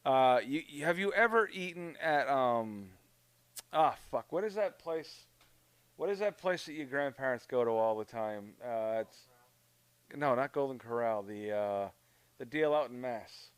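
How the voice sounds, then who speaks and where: A man from Canada telling a story in casual chat on a podcast, profane and animated. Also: mid-range voice, measured pace, smooth, no room sound. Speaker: podcast co-host.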